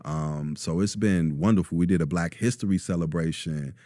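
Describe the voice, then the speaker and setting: Man, low warm voice, relaxed storytelling guest. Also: moderate pace, no room sound, studio quality. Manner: relaxed storyteller, many ums, acts out quotes. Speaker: store owner, guest. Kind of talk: casual interview talk.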